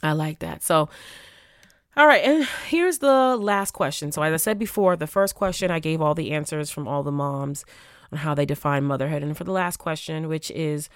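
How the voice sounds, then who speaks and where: A woman hosts a solo podcast, her voice sitting low in pitch. She reads out answers with quiet, heartfelt sincerity. The sound is dry and close, with no room echo. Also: fairly even intonation, a little fast, smooth. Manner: heartfelt, reflective, reading listener answers aloud. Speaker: podcast host.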